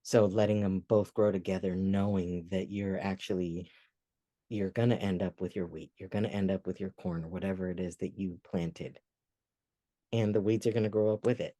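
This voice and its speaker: A man with a very low, dark voice muses slowly through his ideas, often circling back and restarting. He sounds like a reflective podcast co-host. The sound is dry and close. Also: steady tone, no echo. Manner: musing, thinks aloud with restarts. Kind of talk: reflective casual conversation.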